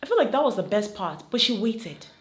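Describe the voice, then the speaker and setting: Young Nigerian-accented woman vlogger, chatty and animated, mid-pitched, roomy echo. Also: a little fast. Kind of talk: casual commentary to camera.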